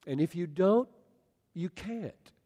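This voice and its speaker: A male pastor preaching a sermon in a large room, swinging from loud emphatic lines to soft, near-whispered ones. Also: high voice, animated, slow, breathy edge. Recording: long hall reverb.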